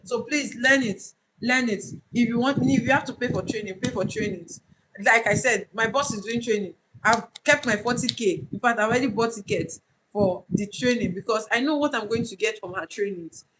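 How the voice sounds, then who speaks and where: Speaking at a moderate pace in a slightly high voice, this livestream host with a Nigerian accent trains would-be online tutors. Her casual talk is earnest and insistent, with points repeated for emphasis over a faint background hiss.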